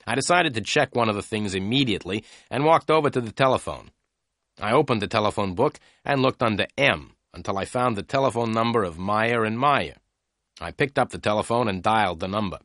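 A man narrating a detective story in clear, slow storytelling. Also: on the low side, fairly bright tone, dry recording, studio quality. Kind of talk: scripted narration of a graded reader.

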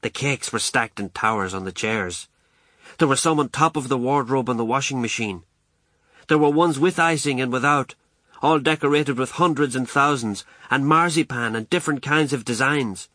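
A man reading a first-person novel aloud, telling it in a wry, lively, colloquial way. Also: medium pitch, moderate pace, dry recording. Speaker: audiobook narrator.

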